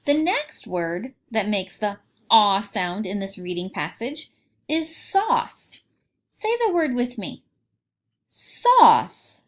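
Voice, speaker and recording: A woman teaching young children a phonics lesson, reading aloud and sounding out words clearly. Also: mid-range voice, sing-song, slow pace.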